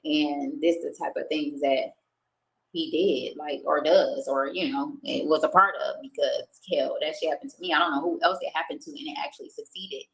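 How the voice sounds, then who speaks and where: A young woman streams to her viewers in a casual chat from a home setup, telling a personal story candidly and emotionally and swearing freely. Her voice is low and creaky, fairly bright, steady, and moderately paced. The audio quality is poor.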